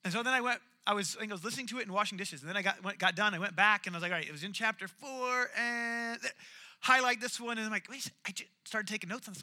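A man giving a relaxed sermon in a high, very bright and sharp voice, who tells stories and breaks into the voices of the people he quotes. he sounds lively and close to his audience. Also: quick pace. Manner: storytelling, acts out quoted lines. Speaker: preacher. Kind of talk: casual sermon.

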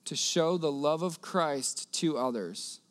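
A man's voice: a little high, takes it slowly. A man preaching a sermon, telling a personal story earnestly and repeating key phrases.

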